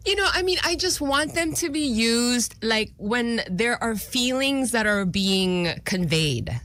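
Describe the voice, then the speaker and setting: A woman's voice: a little high, animated, a little slow, fairly bright tone, no echo. A woman with a Filipino accent co-hosting a radio show, teasing playfully and laughing often. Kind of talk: casual radio banter.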